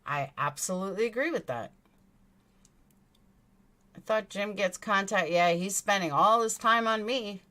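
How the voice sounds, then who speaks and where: A woman with a New York accent hosts a true crime livestream, reading the chat aloud and answering bluntly and indignantly, swearing freely. Her mid-range voice is sharp in tone, unhurried, with frequent pauses.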